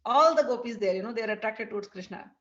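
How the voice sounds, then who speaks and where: A woman telling a devotional story in an animated, vivid way. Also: a little high, quick pace. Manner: animated, vivid retelling with restarts. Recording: dull lo-fi recording.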